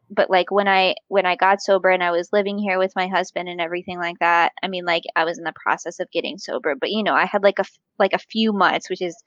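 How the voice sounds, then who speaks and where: A woman guest in a casual chat, talking fast and loose with lots of "like" and frequent laughter. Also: mid-range voice, a bit bright, no echo. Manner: chatty, laughs often, heavy use of "like". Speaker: podcast guest. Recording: slightly dull, dry sound.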